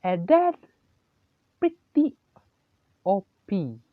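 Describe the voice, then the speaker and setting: A narrator improvising a fan story aloud in a halting way, often stopping to correct themselves mid-sentence. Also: mid-range voice, wildly swooping pitch, no room sound, phone-quality sound.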